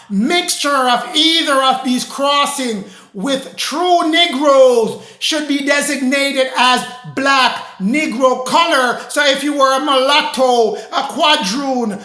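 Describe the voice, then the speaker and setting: A religious teacher preaching a lecture, emphatic and repetitive, often rising to a shout. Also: high voice. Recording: roomy echo.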